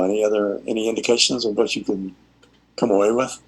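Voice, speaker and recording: A man giving a university lecture over a video call, speaking in a measured way with frequent fillers. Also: fairly low pitch, breathy edge, rough recording. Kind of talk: online class lecture.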